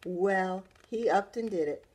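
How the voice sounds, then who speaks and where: A woman's voice: medium pitch, a little slow, darkish tone, husky. A librarian reading a picture book aloud to children, adding chatty asides to her listeners.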